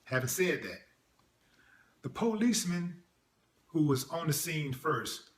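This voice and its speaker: Sarcastic man with a lively voice. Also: fairly high pitch, measured pace, long pauses, reverberant. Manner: blunt, sarcastic, mocking impressions. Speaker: video commentator. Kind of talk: reaction commentary.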